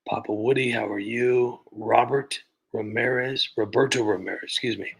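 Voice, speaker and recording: Livestream host, male, gravelly and husky, rambling and halting, casual. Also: mid-range voice, steady tone, poor audio. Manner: rambling, halting, with many restarts and sighs. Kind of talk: casual livestream rant and chat greetings.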